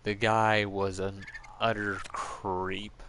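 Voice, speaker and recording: A man with a somewhat low voice talks slowly and casually to his stream chat. He rambles through opinions with many fillers. A faint background hum sits under his voice. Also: flat delivery.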